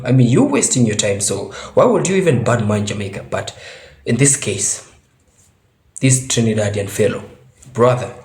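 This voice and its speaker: A man hosts his own vlog and comments on it with emphasis, speaking directly to his viewers. His voice sits low. It rings in a roomy, echoey space. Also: a little mellow. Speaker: YouTube channel host. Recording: roomy echo.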